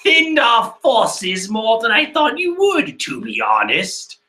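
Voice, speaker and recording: A man's voice: sits high, huge pitch swings, slow, pushed and bright, pitched above the performer's own voice, full character voice. A man voicing a menacing male pirate who lets his tongue hang out, in a whispery, sneering voice.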